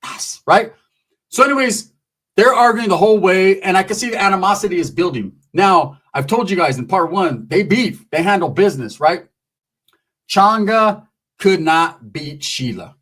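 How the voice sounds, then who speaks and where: Brief: man telling a crude story, high, lively, rambling and full of swearing. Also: normal speed, breathy edge. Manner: profane, rambling, animated with voices. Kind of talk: comedic storytelling.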